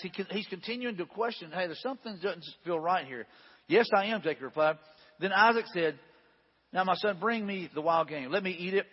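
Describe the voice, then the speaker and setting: A man's voice: a little high, breathy edge. A man preaching a sermon, reading a scripture story aloud and adding folksy, conversational asides with frequent restarts. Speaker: pastor. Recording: dull sound with long hall reverb.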